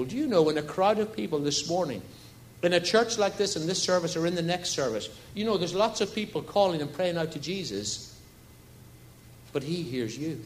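A man's voice: a little high, lively intonation, moderate pace, slight background noise. A man preaching a sermon in a church service, telling stories and asking the congregation rhetorical questions. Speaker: pastor.

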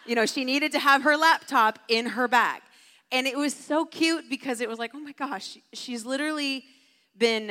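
A woman's voice: medium pitch, sharp tone. A woman giving a casual, storytelling sermon as a camp speaker, with a chatty manner full of "like". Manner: casual, chatty, heavy use of "like". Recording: long hall reverb.

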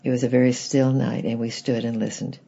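A man reading a children's book aloud in gentle, plain storybook narration, with a husky, gravelly voice. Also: mid-range voice, flat delivery, a little fast, lo-fi sound.

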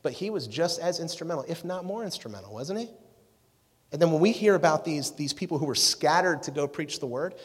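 A man giving a youth sermon as a pastor, telling stories casually and animatedly and often checking in with "right?". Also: fairly high pitch. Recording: echoey hall reverb.

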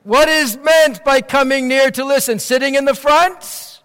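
A man's voice: very high-pitched, fairly even intonation, measured pace, a bit bright. A man preaching a sermon as pastor, earnest, with his voice rising and falling. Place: church sanctuary. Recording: long reverb of a church hall.

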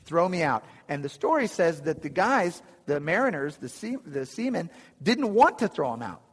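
A man gives a relaxed, conversational sermon, breaking off for chuckling asides and restarting his sentences. His voice sits a bit higher than most men's. The sound carries a long reverb, as in a church sanctuary. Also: normal speed, husky. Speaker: preacher. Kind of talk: sermon with slides.

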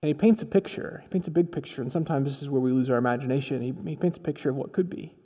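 A pastor preaches a sermon like he's telling a story in conversation, acting out the dialogue as he goes. His mid-range voice is mellow but he speaks very fast, and the long reverb of a large hall surrounds him.

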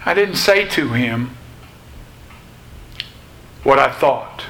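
A man preaching a sermon in a slow, deliberate way, pausing between phrases. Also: mid-range voice, lively intonation, fairly bright tone, slight background noise, poor audio. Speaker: pastor.

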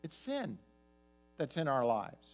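A man preaching a sermon as pastor, telling stories, his voice swinging from loud emphasis to soft, quiet asides. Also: mid-range voice, wildly swooping pitch, slow, faint music behind.

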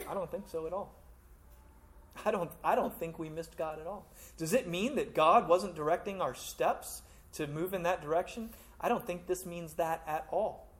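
A man preaching a sermon as a pastor, talking conversationally and swinging between loud emphasis and hushed asides. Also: fairly high pitch.

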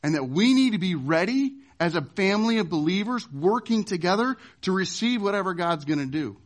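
A man preaching a sermon as pastor, emphatic, swinging from loud to hushed. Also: sits high, expressive, fairly quick.

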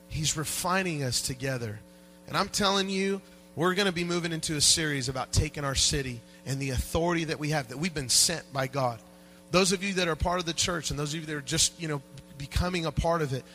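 Man preaching in a church: animated, jokey pastor, bright and slightly high, with a faint hum on the mic. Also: low-quality recording. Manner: animated, swings from quiet asides to loud shouted peaks; conversational and joking with the congregation. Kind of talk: sermon. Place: church sanctuary.

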